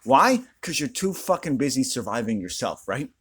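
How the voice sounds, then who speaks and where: A man with a squeaky voice ranting to camera outdoors in a furious, profane, confrontational way. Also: big pitch swings, normal speed, a bit bright, slightly rough. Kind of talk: angry rant to camera.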